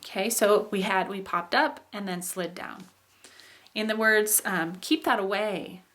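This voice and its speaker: A woman's voice: medium pitch, fairly even intonation, unhurried, fairly bright tone. Woman, teacher, patient explanations, frequent um and okay, exaggerated demonstrations. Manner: demonstrates phrases with exaggerated rises and falls. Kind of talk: explaining English intonation.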